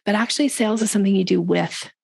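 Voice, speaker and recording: A middle-aged woman coaching on sales in a relaxed interview, with a gravelly edge in her voice. She speaks with emphasis and jumps into a lifted voice to mimic other people. The sound is dry and close. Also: very fast, no echo. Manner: emphatic, acts out quoted speakers in a higher voice. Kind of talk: casual interview conversation.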